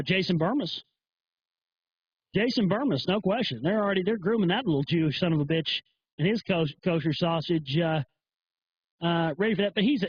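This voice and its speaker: A man's voice: a little high, husky, dry recording. A man hosting a profane livestream, rambling and swearing a lot, over dull lo-fi stream audio. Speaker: host.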